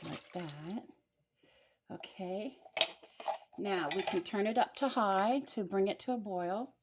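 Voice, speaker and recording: A middle-aged woman hosts a home cooking video in her kitchen, folksy and talkative, joking at her own expense as she demonstrates. She speaks slowly in a mid-range voice over heavy background noise, with a faint frying sizzle audible.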